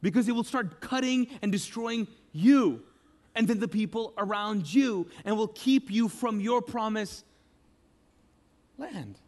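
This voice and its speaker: A man preaching a sermon with passion, repeating phrases and swinging between loud outbursts and hushed, quiet lines. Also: high voice, lively intonation, measured pace. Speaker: pastor.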